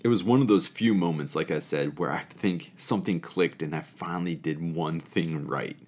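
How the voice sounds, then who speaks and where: A man with a low, deep voice tells a story from his camp counselor days. He is animated and expressive, then shifts into reflective spiritual musing. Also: normal speed, slightly rough. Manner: animated and expressive, acting out quoted people. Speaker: storyteller sharing a camp memory.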